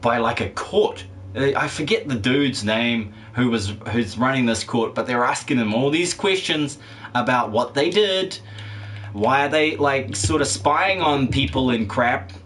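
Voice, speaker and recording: A man talks casually through a live game stream, drifting from topic to topic as he jokes with his audience. His voice sits at an everyday middle pitch, and he drops swear words and laughs readily as he goes. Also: lively intonation, a little slow, fairly bright tone, slight background noise. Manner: rambling, jokey, swears and laughs often.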